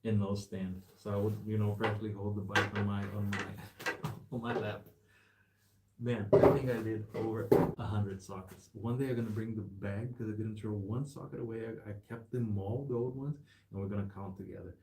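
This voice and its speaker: A man's voice: lowish voice, fairly even intonation, moderate pace, heavy background noise. A young man, chatting casually while repairing a bike in his shop, rambling and calling the listener man and bro. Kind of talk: casual chat while working.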